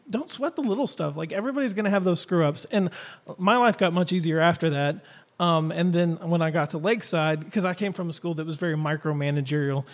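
High-voiced man recalling advice easily. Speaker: history teacher and podcast co-host. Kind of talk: casual chat. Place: coffee shop, live audience.

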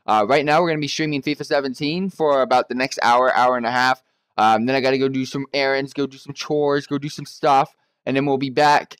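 A young man streaming a football video game live, chatting to viewers, swearing and yelling at misses. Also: fairly high pitch, no room sound. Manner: excitable, swears and yells at misses. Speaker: gaming streamer.

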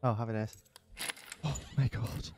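A man's voice: medium pitch, steady tone, a little slow, darkish tone. A man chatting casually while playing a horror game with a friend, joking, laughing and riffing on TV shows. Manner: jokey, laughing, quotes TV shows in funny voices. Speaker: let's play co-host. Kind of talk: casual gaming chat.

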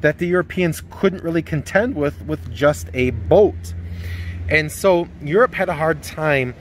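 A man's voice: on the high side, a little slow, a little hiss or hum. Man giving a casual history lecture. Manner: conversational, many fillers and restarts, rhetorical questions. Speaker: history teacher. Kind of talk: recorded lecture.

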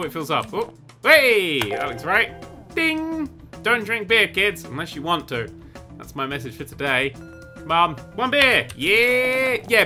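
A man doing let's play commentary, excitable and sweary, wandering into rambling asides. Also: a little high. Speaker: gaming YouTuber.

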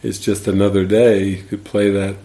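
Man, low voice, spiritual teacher, relaxed commentary, laughs while telling stories. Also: normal speed. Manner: animated storyteller, laughs while retelling.

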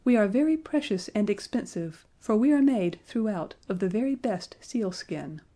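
A woman voicing a crowd of spiteful little sealskin dwarfs in a storybook, shrill and bawling. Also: expressive, moderate pace, dark tone, natural voice.

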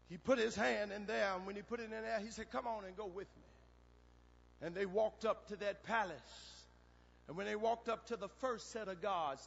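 A man preaching a funeral sermon, shouting in bursts and swooping up and down in pitch. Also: creaky, highs cut off, a little hiss or hum.

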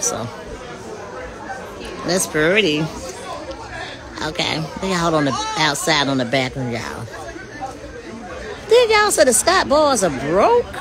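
Lively woman livestreaming on her phone. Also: a little high. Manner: animated, talks straight to viewers. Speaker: livestreamer showing a car. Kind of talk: casual live-stream chat. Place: outdoors at night, then inside a car. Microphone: phone held in hand.

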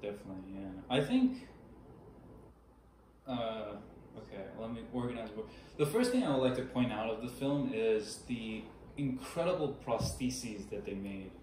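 A man's voice: fairly low pitch, big pitch swings, normal speed, a little mellow, slight background noise. A young man whose first language is not English, co-hosting a casual film review chat. He over-explains and corrects himself as he goes. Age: young adult. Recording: echoey room.

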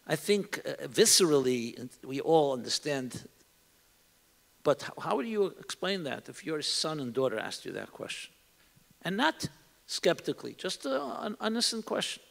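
Gravelly rabbi speaking in a reverberant hall. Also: male voice, a little high, big pitch swings, moderate pace, fairly bright tone. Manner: earnest, asks many rhetorical questions. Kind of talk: reflective talk to a live audience. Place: synagogue hall.

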